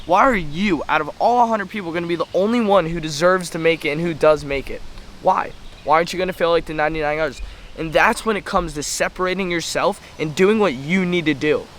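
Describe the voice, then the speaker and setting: A man's voice: on the high side, brisk, fairly bright tone, low-quality recording. Blunt, fired-up teenage boy ranting outdoors. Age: teens. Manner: blunt, profane, fired-up, lectures the viewer directly. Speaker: trading mentor vlogger. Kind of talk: intense motivational rant. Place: outdoors at a playground. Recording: phone recording outdoors with faint background noise.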